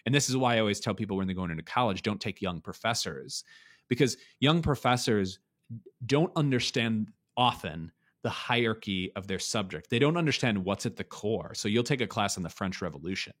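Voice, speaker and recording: A man's voice: fairly low pitch, expressive, a little fast, fairly bright tone. A man giving a conversational lecture, thinking aloud with frequent restarts and checking in with "right?". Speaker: speaker explaining ideas on beauty and art.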